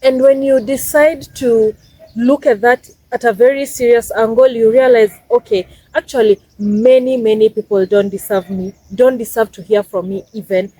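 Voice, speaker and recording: A woman's voice: a little high, fairly even intonation, normal speed, dark tone, breathy edge, no room sound, low-quality recording. A Kenyan woman in her twenties giving emphatic, casual life advice in a vlog, repeating her points for stress. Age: 20s. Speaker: vlogger.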